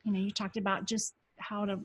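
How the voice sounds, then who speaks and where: A female podcast host conducts a casual interview, sounding enthusiastic and affirming toward her guest. She talks briskly in a medium-pitched, level voice. The recording is dry.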